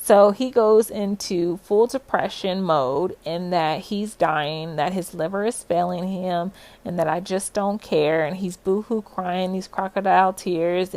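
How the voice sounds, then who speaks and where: A young adult woman telling her own story in a casual vlog, animated and full of "like" fillers. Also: fairly low pitch.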